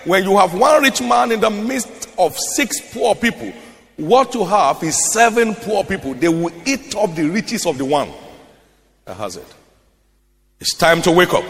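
A Nigerian man preaches with a high, lively voice that climbs and drops dramatically. He reads scripture in a slow, half-sung cadence and repeats phrases for weight. His voice rings with long reverb across a large church hall. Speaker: pastor. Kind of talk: sermon.

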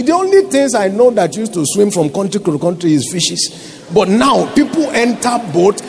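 A man's voice: high voice, very animated, normal speed, creaky, a little mellow, a little hiss or hum. A Nigerian man preaching a sermon as pastor, emphatic and calling out to his congregation for responses.

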